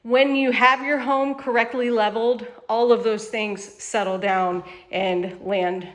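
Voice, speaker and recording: A woman's voice: fairly high pitch, steady tone, a little slow. A woman who manages a mobile home sales lot, chatting in an upbeat way while she walks viewers around a home, outside and then inside. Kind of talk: casual home walkthrough.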